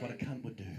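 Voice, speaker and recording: Brash Australian stand-up man, high voice. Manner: brash, profane, swings from shouting to mock-quiet asides. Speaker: stand-up comedian. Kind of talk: stand-up comedy set. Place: live comedy venue before a laughing audience. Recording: live stage mic, loud crowd noise. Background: loud crowd laughter.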